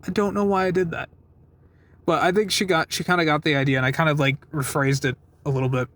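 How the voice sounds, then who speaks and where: Sitting in his parked car, a young vlogger films himself on a phone, rambling and putting himself down with lots of fillers and swearing. His voice is a little high, a bit bright and fast.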